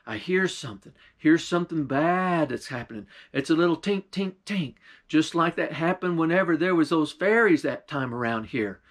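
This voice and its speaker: A man voicing a big lumbering male giant who collects bugs, with a slow, rumbling drawl. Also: expressive. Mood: suspicious.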